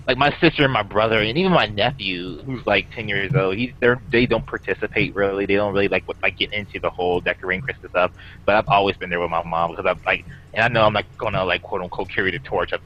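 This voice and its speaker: A young man with a very deep voice, chatting on a podcast over a video call. He rambles along with plenty of "like" and "um", and a faint noise sits under his line. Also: lo-fi sound. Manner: rambling, many fillers and likes. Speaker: podcast co-host. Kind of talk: casual chat.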